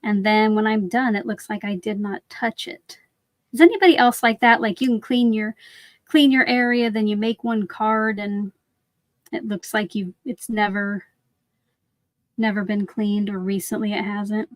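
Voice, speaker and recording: A woman's voice: medium pitch, fairly even intonation, moderate pace, no room sound. A woman hosting a craft livestream, chatting casually and answering viewer comments while she works, often saying "like".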